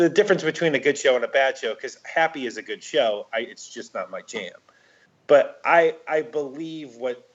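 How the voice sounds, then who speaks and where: A man co-hosting a movie podcast, rambling along and often restarting his sentences. His voice sits at a middling pitch. The recording sounds dull and muffled. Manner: rambling, hesitant, full of restarts. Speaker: podcast co-host. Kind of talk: casual chat.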